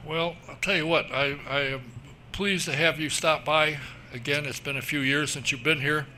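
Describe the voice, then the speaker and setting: A man's voice: a little high, fairly even intonation, normal speed, pushed and bright, slight background noise. A man hosting a motorsports radio show, interviewing a guest and paying him compliments. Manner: complimentary, leading questions.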